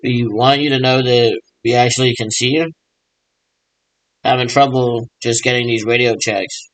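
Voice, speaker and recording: A man's voice: medium pitch, steady tone, normal speed, fairly bright tone, no echo, poor audio. A man in a rambling, improvised monologue, mimicking radio check chatter and answering himself in a repetitive back-and-forth.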